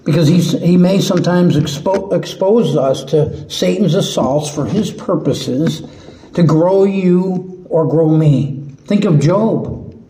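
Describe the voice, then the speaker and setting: A man preaching a sermon in an earnest, halting way, often restarting his words. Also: fairly high pitch, warm tone, a little hiss or hum. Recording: echoey room.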